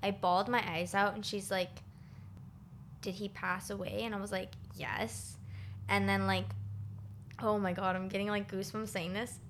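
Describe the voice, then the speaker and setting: Bright-voiced woman in casual chat. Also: medium pitch, level tone, fairly quick, a little hiss or hum. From Toronto area, Canada. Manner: chatty, emotional storytelling with many "like"s.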